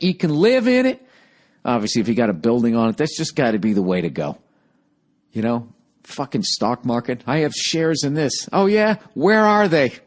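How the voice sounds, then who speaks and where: Profane ranting podcast host, man. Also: mid-range voice. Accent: Boston. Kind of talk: casual solo podcast monologue, reading listener emails.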